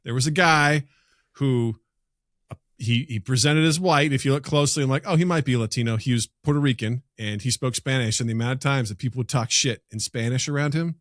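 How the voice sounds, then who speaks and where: A man co-hosting a podcast, telling stories in casual chat and acting out the people he quotes in loud, high voices. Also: fairly quick, no room sound, studio quality. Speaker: podcast co-host.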